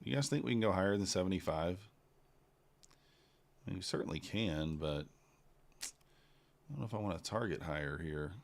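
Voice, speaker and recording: A man giving casual live commentary while trading, thinking out loud in an unhurried, low-key way. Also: expressive, gravelly. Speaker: livestreaming futures trader.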